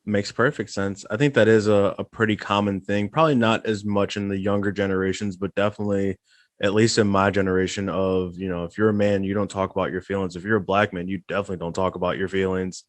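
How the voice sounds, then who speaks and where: A man co-hosts a casual podcast, his voice very deep. He chimes in with relaxed, agreeable follow-ups. The sound is dry and close, with no room around it. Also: fast talker, dry recording. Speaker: podcast co-host.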